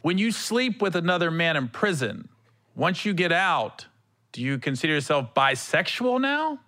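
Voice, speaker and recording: Bright-voiced deadpan man. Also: on the high side, normal speed.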